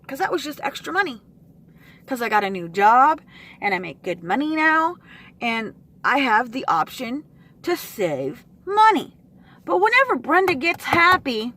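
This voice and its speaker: A woman vlogger venting to her camera, frustrated and swearing, with sighs and pauses. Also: high voice, sing-song, bright, forceful tone.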